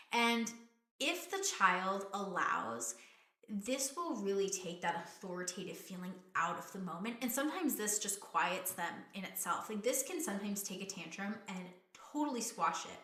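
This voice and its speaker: Young woman coaching parents, talking gently and earnestly straight to camera. Bright, ringing voice in a reverberant room. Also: medium pitch, animated, normal speed. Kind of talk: direct-to-camera parenting advice.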